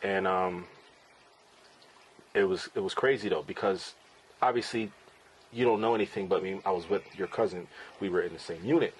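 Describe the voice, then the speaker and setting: Low-voiced man telling a blunt story. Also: normal speed, long pauses, a little hiss or hum, poor audio. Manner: casual, blunt, swears freely, acts out quoted people. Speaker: podcast host and father. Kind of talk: candid personal storytelling.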